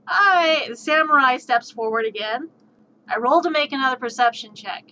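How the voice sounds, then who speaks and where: A woman streamer casually retelling a story on a live stream, animated and stammering. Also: high voice, normal speed. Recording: dull lo-fi stream audio, faint noise.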